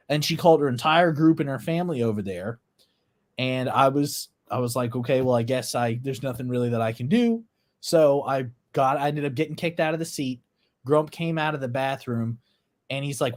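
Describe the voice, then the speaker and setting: A young man co-hosting a casual podcast, laid back and rambling as he tells a story. His voice sits at a middle pitch. He comes across as easygoing. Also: fairly quick. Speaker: co-host.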